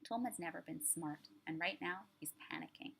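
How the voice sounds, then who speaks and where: Low gravelly-voiced woman reading a story. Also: normal speed, a bit bright. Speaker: author reading her story.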